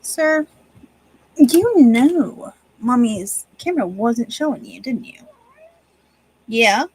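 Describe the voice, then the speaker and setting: High, lively woman chatting to her cat. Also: slow, breathy edge, no echo, low-quality recording. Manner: fond, teasing talk to her pet cat. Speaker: crafting streamer. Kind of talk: casual chat while crocheting. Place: at home.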